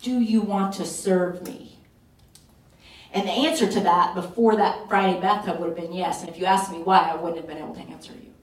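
A woman's voice: fairly low pitch, fairly even intonation, brisk. Fervent woman pastor preaching in a hall. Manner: fervent, urgent preaching with emphatic repetition. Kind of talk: sermon at a retreat. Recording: roomy echo, voice from a distance.

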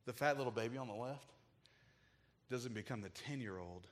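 A man's voice: mid-range voice, moderate pace, long pauses. A man preaching a sermon, telling a heartfelt personal story in an emotional, casual way with frequent filler words. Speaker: pastor.

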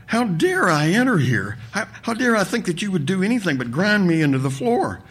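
A man puts on a cringing, self-abasing petitioner who stammers through every sentence, pitched well above a normal speaking voice. He blubbers and pleads in a sermon story. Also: sing-song, fairly quick, fairly bright tone, husky, exaggerated voice. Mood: groveling. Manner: stammering, blubbering, sobbing apologies.

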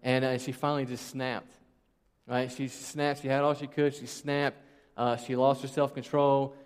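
A man's voice: mid-range voice, flat delivery, moderate pace, smooth. A man in his thirties preaching a sermon, conversational and emphatic, with many rhetorical questions. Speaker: pastor. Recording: long reverb of a large hall.

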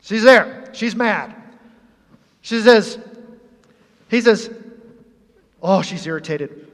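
A male pastor preaching a sermon in a church, animated and humorous, acting out the scenes he describes. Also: sits high, slow, pauses often, big-room sound. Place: church sanctuary.

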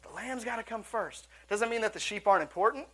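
A man's voice: high voice, expressive, quick pace, bright, forceful tone, husky. A male pastor preaching a sermon in a church auditorium, earnest and conversational, with asides and restarts.

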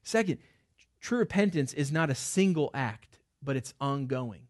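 A middle-aged man preaching a sermon in a conversational way, with quick asides and restarts. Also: mid-range voice, lively intonation. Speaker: pastor.

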